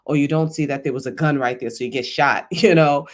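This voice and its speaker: A man's voice: on the high side, fairly even intonation, brisk. Chatty man giving a motivational talk. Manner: conversational, rambling, often asks "right?". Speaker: vlogger.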